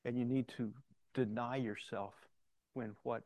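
A man's voice: mid-range voice, fairly even intonation, a little slow, a little mellow, no room sound. An older man preaching a sermon in a conversational storytelling way, mixing personal anecdotes with scripture references.

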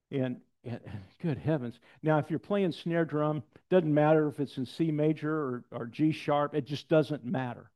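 Man preaching a storytelling sermon. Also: mid-range voice. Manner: storytelling, animated quotes, drops to soft intensity. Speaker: pastor. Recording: dull lo-fi sound.

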